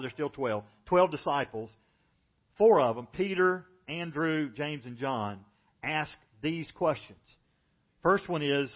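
Higher-voiced man preaching, lo-fi audio. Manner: storytelling, acts out quoted speakers with lifted pitch. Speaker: pastor. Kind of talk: sermon. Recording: dull lo-fi church audio.

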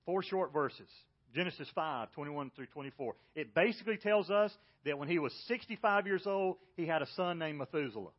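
A man's voice: on the high side, lively intonation, fairly quick, few pauses. A male pastor, preaching a sermon and asking rhetorical questions. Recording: dull lo-fi audio.

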